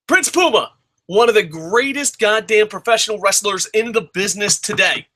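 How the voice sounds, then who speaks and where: A young man talks through a wrestling episode in a high, very sharp and bright voice. He swings into heated, profane rants and then settles back into casual commentary. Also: normal speed. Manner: excitable, profane ranting. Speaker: wrestling show reviewer. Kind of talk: casual spoken review.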